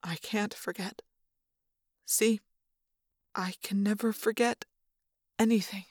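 A woman voicing a grieving male android, speaking quietly and haltingly in an audiobook reading. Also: mid-range voice, steady tone, no echo, studio quality. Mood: bitter.

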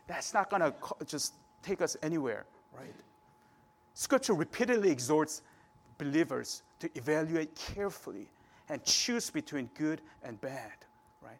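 In a slightly high voice with big pitch swings, a man preaches a sermon at an unhurried pace. His style is conversational, and he keeps checking in with listeners, often tagging lines with "right?"

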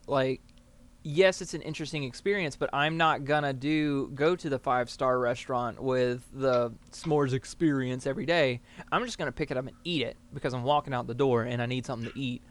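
A man from the American South, co-hosting a podcast in casual, rambling chat full of fillers. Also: medium pitch. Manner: rambling, filler-heavy, laughs often. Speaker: podcast co-host.

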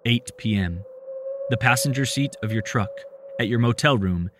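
A man's voice: normal speed, background noise, close to an everyday voice. A man voicing a mysterious stranger who whispers urgent, commanding instructions. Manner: hushed, low and insistent.

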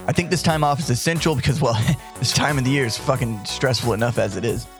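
A man hosting a tabletop podcast, giving offhand, relaxed announcements. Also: mid-range voice, quick pace, soft background music. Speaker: podcast host and player.

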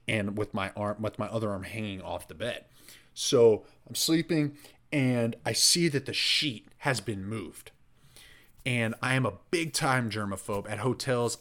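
Rambling, animated male podcast host. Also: medium pitch. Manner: rambling, animated, heavy use of "like". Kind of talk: casual storytelling chat.

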